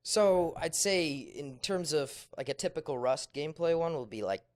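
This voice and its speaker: A man chatting as a guest on a podcast, relaxed and rambling, his voice dropping quiet on asides. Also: a little high, normal speed. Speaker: guest video creator. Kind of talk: casual podcast chat.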